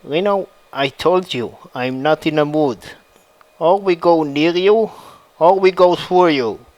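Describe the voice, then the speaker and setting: A man's voice: a little high, takes it slowly, darkish tone, no echo, rough recording. A man voicing a grieving, fierce young woman fighter, read aloud in a plain fan story narration. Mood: defiant.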